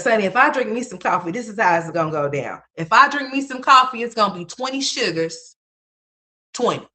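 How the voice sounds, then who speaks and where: A woman in her fifties hosts a casual livestream, spinning salty, profane stories for her chat. Her voice sits a little low but comes out bright and forceful, and she laughs at her own punchlines. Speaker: livestream host.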